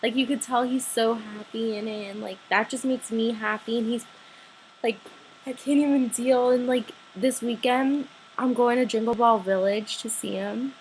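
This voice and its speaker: A teenage girl vlogging, a little high in pitch, gushing breathlessly about her story with endless "like" fillers. A faint hum sits under her voice. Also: fairly even intonation, moderate pace, rough recording. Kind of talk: excited storytelling to camera.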